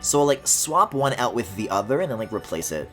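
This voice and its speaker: A woman streaming a video game, chatting casually and swinging between loud squealing outbursts and low mutters, swearing often. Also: sing-song, fairly quick, faint music behind.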